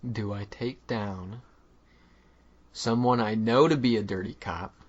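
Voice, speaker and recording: A man playing a comedic choose-your-own-adventure game, joking and thinking his choices through out loud. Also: on the low side, measured pace. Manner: playful, laughs often, thinks aloud. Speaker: player. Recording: slightly muffled lo-fi audio.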